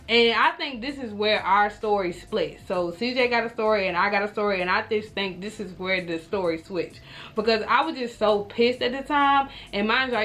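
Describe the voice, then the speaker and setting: A young adult woman telling a personal story to her viewers in a casual vlog, animated and talking straight to them, acting out her own reactions. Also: mid-range voice.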